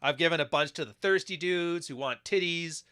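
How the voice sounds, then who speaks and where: Male podcast host, bright punchy voice, crude joking reaction commentary. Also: fairly high pitch, normal speed, clean tone. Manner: crude, joking, frequently laughing.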